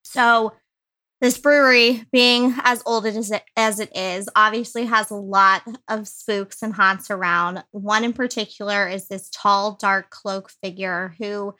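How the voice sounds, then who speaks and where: Bright, chatty woman podcast host. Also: mid-range voice, fairly even intonation, measured pace. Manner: chatty, giggly storytelling with many fillers. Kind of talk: casual chat.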